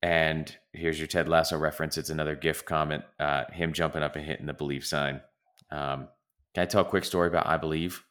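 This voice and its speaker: A man's voice: extremely low pitch, flat delivery, fairly quick, fairly bright tone. A man co-hosting a casual podcast, talking in a rambling way with lots of restarts. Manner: rambling, self-interrupting. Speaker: podcast co-host. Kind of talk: casual chat about soccer.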